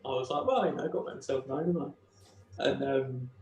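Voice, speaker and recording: A young man quietly retelling a painful personal story as a podcast guest, halting and emotional, with many restarts. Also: medium pitch, roomy sound.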